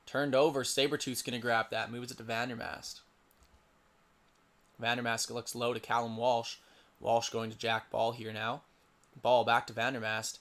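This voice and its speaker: A man's voice: medium pitch, level tone, moderate pace, fairly bright tone. A young man doing casual solo play-by-play for a simulated lacrosse game, stumbling over player names and muttering asides to himself.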